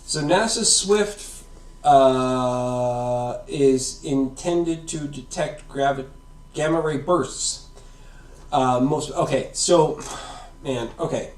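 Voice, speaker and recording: This science host speaks very slowly in a mid-range voice, explaining things in a casual, rambling way with frequent "right?" and "okay?" The sound is roomy with echo, picked up far from the mic.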